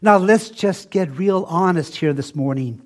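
An older male preacher delivering a sermon in a slightly raised voice. He speaks slowly and with emphasis, and he often sinks into a hushed, low tone to drive a point home. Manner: slow, emphatic preaching with dramatic drops to a soft, low voice.

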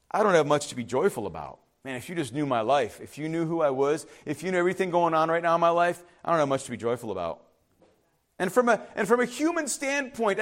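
A male pastor preaching a sermon, emphatic and swinging from loud exhortation to hushed asides. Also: sits high. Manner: emphatic preaching, rising and dropping sharply; acts out skeptics in hushed asides.

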